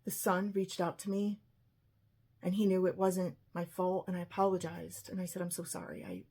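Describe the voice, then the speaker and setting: A woman with a husky voice telling an emotional personal story, often quoting what others said. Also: fairly low pitch, little pitch movement, normal speed, dark tone.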